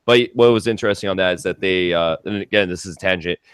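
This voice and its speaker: A low-voiced man co-hosting a loose talk show, a bit tipsy and rambling, with plenty of swearing and laughing asides. His voice is recorded close and dry, with no room sound. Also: fast talker, fairly bright tone, clean tone, dry recording. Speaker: co-host. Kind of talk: casual podcast chat.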